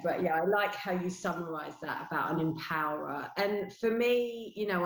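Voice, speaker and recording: A middle-aged woman with a London accent explains her work in an earnest, steady way, often adding "you know." Her voice sits on the low side. The recording has a roomy echo around it. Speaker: guest, spiritual teacher. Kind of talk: interview explanation.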